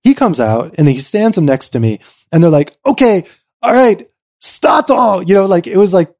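A middle-aged man with a slightly high, lively voice spins an anecdote in casual conversation. He fills his sentences with "like" and jumps into quoted voices. His delivery rises and falls a lot as he talks. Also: a little fast. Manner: animated, acts out quotes in a high voice, many "like"s. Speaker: guest.

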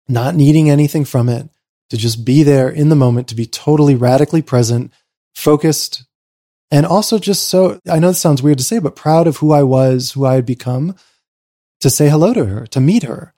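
A man telling a personal story in an interview, swinging between excited rushes and quiet reflective lows, with lots of "like" fillers. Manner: frequent "like" fillers. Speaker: interview guest.

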